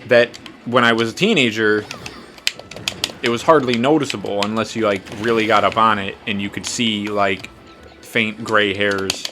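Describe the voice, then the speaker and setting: A man's voice: lowish voice, fairly even intonation, normal speed, over music. Rambling, cursing young man telling stories. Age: 20s. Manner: rambling, profane, self-mocking. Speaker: podcast host. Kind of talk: casual storytelling while gaming.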